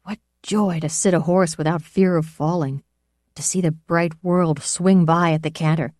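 A woman narrating an audiobook in a steady, measured storytelling manner. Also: low-pitched, no echo, studio quality.

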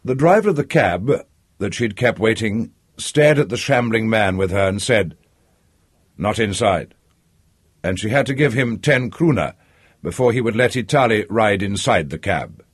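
A man reads a literary audiobook in a low, husky voice. His intonation moves a lot and the reading is measured and expressive. The recording is dry and close. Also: no echo. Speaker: audiobook narrator.

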